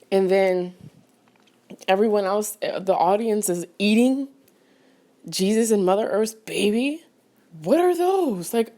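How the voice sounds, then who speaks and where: A woman's voice: medium pitch, mellow. Woman rambling through a chatty film review. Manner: chatty and rambling, full of fillers and restarts, with sudden outraged exclamations; paces back and forth while talking. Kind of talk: casual rambling movie review.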